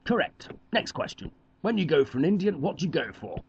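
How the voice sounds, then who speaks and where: A performer voicing a stiff male quiz show presenter in an amateur cartoon, with a formal, measured delivery. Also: mid-range voice, very animated, dull audio, slight background noise.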